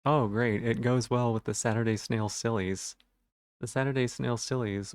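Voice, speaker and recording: A man's voice: medium pitch, steady tone, normal speed, clear, resonant tone, dry recording. A man streaming a game live, chatting casually with his viewers in a rambling, self-deprecating way, and stuttering on some words.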